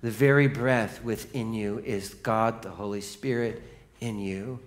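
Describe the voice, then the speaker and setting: A man preaching a sermon as pastor, telling stories and swinging from hushed lines to loud, excited ones. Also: on the low side, a little slow. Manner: storytelling, animated.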